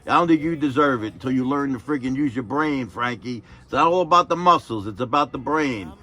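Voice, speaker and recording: A man putting on the voice of a gruff union official who scolds and teases a young worker, loud and lecturing. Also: mid-range voice, expressive, brisk, voice pushed up. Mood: mock scolding. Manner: mock-stern, loud, lecturing.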